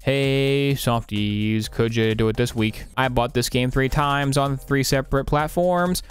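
Guy streaming a game, jokey and sarcastic, rambles to chat, middle pitch. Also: unhurried, clean tone, soft background music. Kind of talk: casual live-stream commentary.

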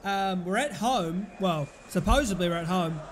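A young British man giving live commentary over a football video game, exasperated and often yelling at his players and the referee. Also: high voice, moderate pace, a little hiss or hum. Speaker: gaming YouTuber.

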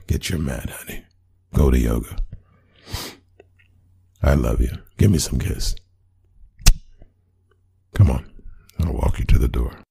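A man with a deep voice performing a one-sided boyfriend role-play audio drama, talking to an unheard partner with soft, drawn-out endearments. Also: gravelly, slightly rough. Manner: talks to an unheard partner, answering her unseen replies.

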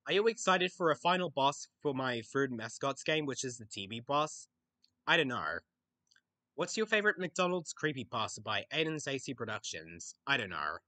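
A man's voice: medium pitch, very animated, moderate pace, sharp tone, dry recording. A young Australian man answering viewer questions in a casual Q&A video, often noncommittal and hesitant. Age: young adult. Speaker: YouTuber.

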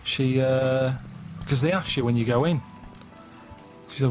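A man on a comic podcast, telling rambling, deadpan anecdotes in casual banter. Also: mid-range voice, measured pace, faint music behind. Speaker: regular co-host.

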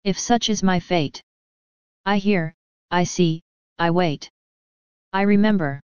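Woman reading a sad calm malay guy, low quiet voice, kinda lo-fi. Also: takes it slowly, smooth, no room sound. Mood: quiet mournful. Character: grieving Malay man, calm and mournful.

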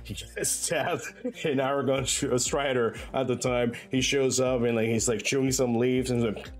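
A man's voice: mid-range voice, steady tone, moderate pace, soft background music. A man livestreaming from his bedroom, chatting loosely and rambling, often breaking into laughs. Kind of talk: loose casual chat while gaming. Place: own bedroom.

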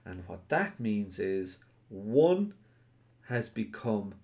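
A man's voice: lowish voice, very animated, slow pace, a little mellow. A man with an Irish accent teaching an online Irish grammar class, explaining step by step and asking the students questions. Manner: answers chat questions by name. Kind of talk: live online grammar lesson.

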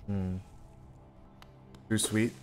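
A man's voice: on the low side, flat delivery, very slow, darkish tone, soft background music. A man hosting a casual game stream, chatting loosely, talking to himself and swearing now and then. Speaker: streamer host. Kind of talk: casual gameplay chat.

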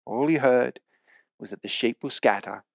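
A man preaching a sermon in a church, earnest and emphatic, slowing down to repeat key phrases. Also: mid-range voice, vocal fry, no echo, studio quality.

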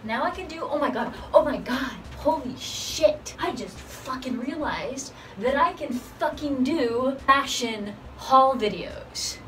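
A woman's voice: sits high, slow pace, few pauses, fairly bright tone, slight background noise. A young woman rambling to her camera in a dorm room at night, giggly and profane, tired and with a cracking voice. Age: young adult. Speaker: vlogger. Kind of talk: casual rambling vlog. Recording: distant camera with faint music.

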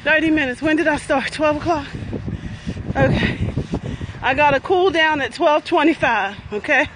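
A cheerful, high-voiced woman chats to her viewers as she power-walks through a garden by a lake. She keeps the energy up and hypes herself along the way. The phone audio picks up a clear wash of passing traffic and city noise. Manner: upbeat and cheering, talks while walking briskly. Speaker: wellness facilitator hosting a walking livestream. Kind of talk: live walking vlog, chatty. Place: outdoors in a lakeside garden with traffic nearby.

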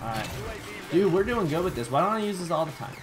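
A man giving chatty, excitable commentary on his own gameplay, with bursts of surprise and self-mocking asides. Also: a little high, quick pace. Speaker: gaming YouTuber. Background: background music.

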